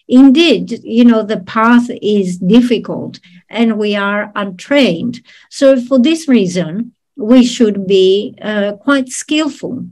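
Slow, measured woman teaching Buddhism. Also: fairly high pitch, darkish tone. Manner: measured, explanatory, with frequent fillers. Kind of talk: dharma teaching talk.

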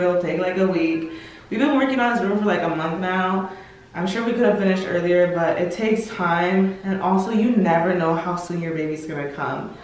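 Excited pregnant woman vlogging in an echoey room. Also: fairly low pitch, recorded from a distance. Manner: gushing, emotional, lots of "like". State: heavily pregnant, days from labor. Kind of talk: casual vlog talk to viewers. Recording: roomy echo, mic set back.

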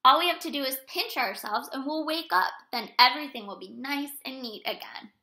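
A woman voicing a cheerful, playful little male bird in a read-aloud picture book, speaking in a high, excited way. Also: fairly quick. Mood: chirpy.

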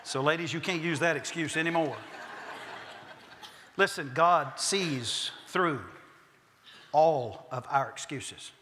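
A male pastor delivers a sermon in a church sanctuary, telling stories emphatically and slowing down to land his key points, with the odd humorous aside. His voice is bright and forceful, sitting a little higher than most men's. A long reverb trails every phrase around the room. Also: a little hiss or hum. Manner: emphatic storytelling preacher who slows for key points.

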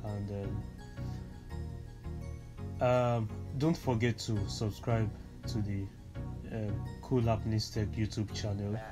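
Hesitant man explaining slowly. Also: lowish voice, flat delivery, over music. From Nigeria. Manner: hesitant, repeats words, many fillers, instructive. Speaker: tech tutorial presenter. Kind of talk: screen reader tutorial walkthrough.

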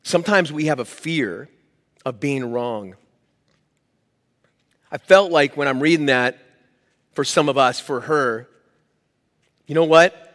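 A man's voice: medium pitch, takes it slowly, pauses often, a bit bright, big-room sound. A man preaching a sermon as pastor, in a conversational, emphatic way. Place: church hall.

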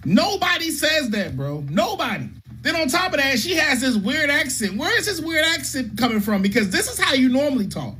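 A woman's voice: high-pitched, big pitch swings, normal speed, fairly bright tone, slight background noise. A woman giving a blunt, profane and mocking reaction rant. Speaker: commentator. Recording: music playing underneath.

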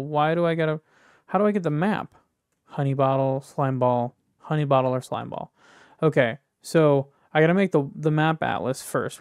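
A young man giving casual, self-mocking commentary as he plays a video game, swearing often and reacting loudly. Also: a little high, clear, resonant tone, no echo, clean studio sound. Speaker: gaming YouTuber. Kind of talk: casual let's-play commentary.

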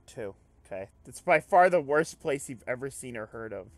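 Let's play host: a man narrating a visual novel, animated, quick to swear and react. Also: mid-range voice, no room sound, faint music behind. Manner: excitable, swears, jumps between reading and reacting. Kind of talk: reading a visual novel aloud with commentary.

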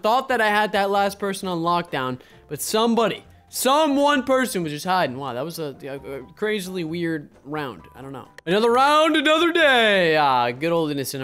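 A young man giving casual, excitable commentary while playing a video game, talking to his viewers and often bursting into loud exclamations. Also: sits high. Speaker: gaming video host.

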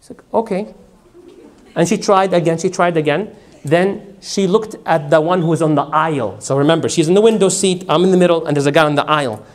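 A man's voice: a little high, fast talker. A man giving a religious talk to a live audience, telling personal stories, acting out dialogue and asking the audience to answer him. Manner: storytelling, acts out dialogue, asks audience to respond. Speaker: lecturer.

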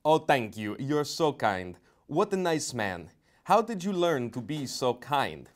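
A man hosting an improvised comedy interview in a mock-flattering, teasing manner. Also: mid-range voice, a little slow.

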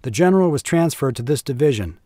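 A man's voice: mid-range voice, lively intonation, quick pace, mellow, dry recording, studio quality, lightly acted. A man voicing a gossiping army staff officer who speaks in a hesitant, confiding way. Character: gossiping middle-aged male staff officer.

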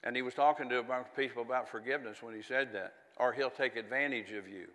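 A man's voice: mid-range voice, fast talker, bright, forceful tone, long reverb tail. A man preaching a sermon in a folksy, conversational way, with chatty asides and little laughs.

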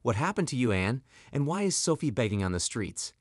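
A man voicing a kind, patient young man who speaks gently and reassuringly in a spoken story. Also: mid-range voice, big pitch swings, brisk, no room sound, studio quality. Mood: earnest.

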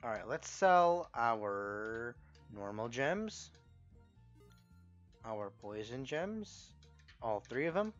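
A young man narrates his own gameplay in a casual, excitable way. He swears freely and jumps from muttering to loud outbursts. The recording sounds a little muffled, with faint game music under his voice. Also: mid-range voice, extremely slow, long pauses. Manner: excitable, profane, reacting loudly to the game. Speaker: gameplay commentator. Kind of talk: let's play commentary.

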